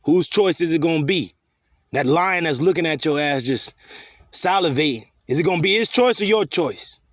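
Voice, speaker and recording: A man's voice: on the high side, expressive, normal speed, no room sound, clean studio sound. Scolding profane man preaching scripture. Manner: scolding, profane, rhetorical questions. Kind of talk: fiery scripture teaching.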